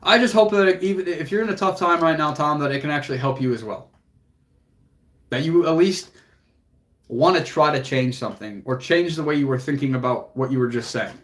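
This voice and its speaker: A young fitness coach with a slightly high voice speaks directly to the viewers of his livestream, talking a little fast. Earnest and encouraging, he curses casually and doesn't hide his emotions.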